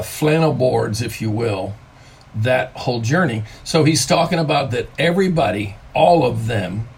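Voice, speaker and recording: An older man, a grandfather, giving a conversational devotional talk from home, stressing key words by slowing down on them. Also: mid-range voice, gravelly, husky. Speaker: pastor.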